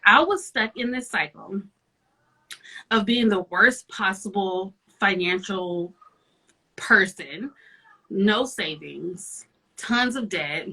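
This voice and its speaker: Bright, animated woman telling her story. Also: mid-range voice, slow pace, vocal fry, rough recording. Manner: lively confessional storytelling. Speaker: guest. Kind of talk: casual chat.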